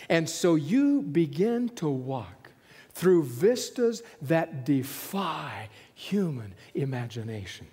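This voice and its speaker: A man's voice: a little high, sing-song, slow pace, mellow, slightly rough, long reverb tail. A man preaching a sermon as a pastor, telling a vivid story and chuckling often.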